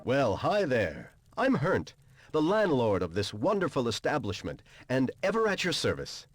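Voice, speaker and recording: An actor playing a friendly innkeeper in a video game, with a welcoming, effusive manner. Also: male voice, medium pitch, wildly swooping pitch, moderate pace, breathy edge, no room sound, soft background music. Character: friendly male innkeeper, eager to serve.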